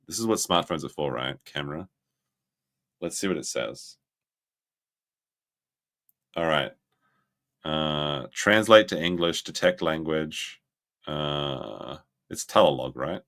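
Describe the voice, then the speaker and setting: A man hosting a livestream, reacting to clips with excitable commentary that keeps breaking into laughter and sudden shrieks. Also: rumbling low, slow, long pauses. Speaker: livestream host.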